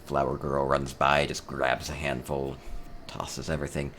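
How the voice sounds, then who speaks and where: A man's voice: very deep voice, completely flat delivery, unhurried, fairly bright tone, slight background noise. A man hosting a casual tour of player homes in a game, chatting upbeat and thinking aloud with small chuckles. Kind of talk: casual gameplay commentary.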